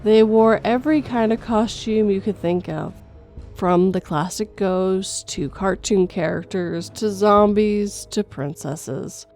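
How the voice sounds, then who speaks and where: A woman reading a first-person horror story in a steady storytelling voice, going gentle for a mother's lines. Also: mid-range voice. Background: faint music.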